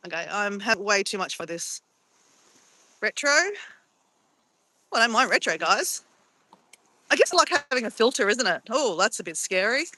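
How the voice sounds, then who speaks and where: A woman's voice: mid-range voice, animated, moderate pace, long pauses, pushed and bright, a little hiss or hum, low-quality recording. A middle-aged woman chatting casually on a live stream from a phone held at arm's length, playful and giggly as she exclaims over camera filters. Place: outdoors near a beach.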